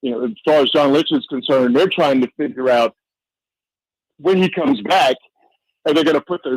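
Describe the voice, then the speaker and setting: A man appearing as a guest football analyst on a sports radio show, talking casually and playfully, getting animated when he jokes. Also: no echo, low-quality recording. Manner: animated, playful, rising pitch when joking. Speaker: NFL insider guest.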